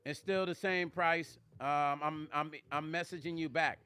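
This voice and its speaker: A man with a New Jersey accent chats casually on his live stream, calling out viewers by name as their comments come in. His voice sits a bit high and sounds bright and forceful. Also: fairly even intonation, a little slow, clear, resonant tone, faint music behind. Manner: chatty, greets and answers chat viewers by name. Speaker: music vlogger hosting a live stream.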